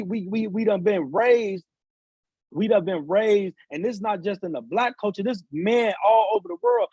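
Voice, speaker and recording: Husky high-voiced man preaching about manhood. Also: darkish tone, dry recording, low-quality recording. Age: adult father of seven sons. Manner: preaching, repetitive, rising to emphatic peaks. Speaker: author and speaker, guest. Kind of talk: impassioned podcast talk.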